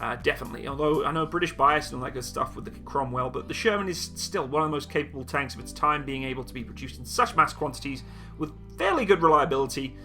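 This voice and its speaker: A man's voice: medium pitch, expressive, fast, pushed and bright, soft background music. A man hosting a live-stream Q&A. He reads viewers' chat questions aloud and answers each in a casual, joking, self-mocking way. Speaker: military video channel host.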